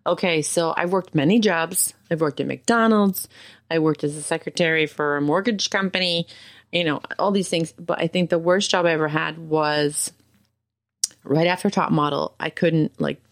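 A young adult woman from Pennsylvania, a podcast guest chatting in a relaxed, enthusiastic way. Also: low voice, moderate pace. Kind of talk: casual chat.

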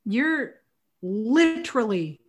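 A woman co-hosting a podcast, chatting casually about a movie, sarcastic and animated with a playful streak. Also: fairly high pitch, takes it slowly. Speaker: podcast co-host. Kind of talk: casual movie review chat.

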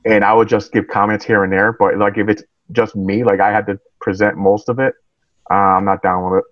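A man's voice: on the low side, little pitch movement, fairly quick, no echo, highs cut off. A man who is a guest on a podcast, chatting casually in a plain, somewhat hesitant way.

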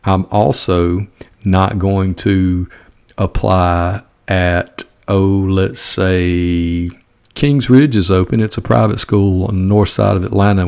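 A man's voice: fairly low pitch, gravelly, a little mellow. A middle-aged man with a country Georgia accent, talking in a blunt, folksy, rambling monologue as a podcast host. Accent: Southern US, Georgia. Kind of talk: casual opinion monologue.

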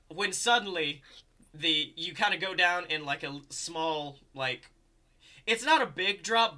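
A young man in casual chat, telling a long story in an animated, rambling way with lots of fillers. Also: a little high.

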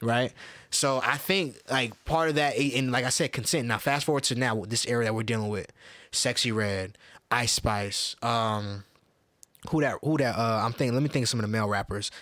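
Man, podcast co-host, casual profane chat, animated delivery, medium pitch, dry close sound. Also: no echo. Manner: loose, profane, animated storytelling with quick voice shifts.

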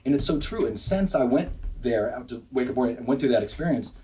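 Older man from Wisconsin, sixties, lively storyteller who restarts sentences and acts out quotes, studio podcast guest. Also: medium pitch, fast talker. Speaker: business owner guest. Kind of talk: animated storytelling in a podcast interview.

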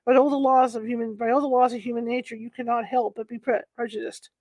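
A woman's voice: fairly high pitch, level tone, fast, darkish tone, no echo. A woman reading a historical courtroom account aloud, stumbling over words and correcting herself as she goes. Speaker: narrator.

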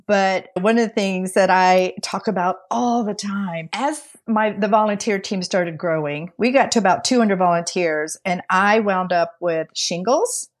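An animated woman co-hosting a casual podcast conversation. She tells her story with energy, acts out the people she quotes, and laughs between her words. Her voice sits at an ordinary middle pitch for a woman. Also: unhurried, few pauses. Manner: laughs often mid-sentence. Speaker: podcast co-host.

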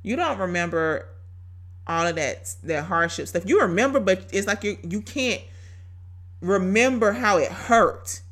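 A woman's voice: medium pitch, animated, a little slow, fairly bright tone. A woman, sharing a testimony on a faith podcast in an emphatic, preachy way. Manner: emphatic, preachy, addresses listeners as y'all. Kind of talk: faith-based podcast talk.

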